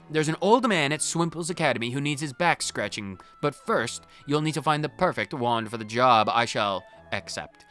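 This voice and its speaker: A man's voice: mid-range voice, animated, moderate pace, hardly any pauses, fairly bright tone, soft background music. A man hosting a game playthrough, reading game text aloud and making playful jokes. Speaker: let's-play host. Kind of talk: game commentary.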